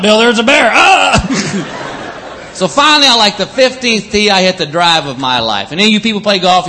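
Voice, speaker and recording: A man works through a stand-up set, his voice pitched high and lively. He sounds bright and a bit sharp, jumping into little impressions. There's a faint hiss of noise under it. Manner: animated storytelling with acted-out voices. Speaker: stand-up comedian.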